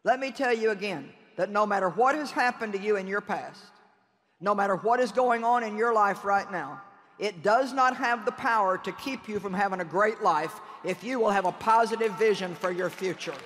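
A woman's voice: medium pitch, moderate pace, a bit bright. A woman preaching a sermon to a conference crowd, addressing listeners directly and emphatically with laughing asides. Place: large conference hall. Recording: long reverb in a large hall.

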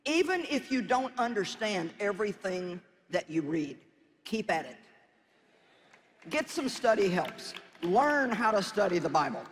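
A man's voice: high-pitched, big-room sound, a little hiss or hum. A man preaching a sermon in a folksy, conversational way, with emphatic exhortations.

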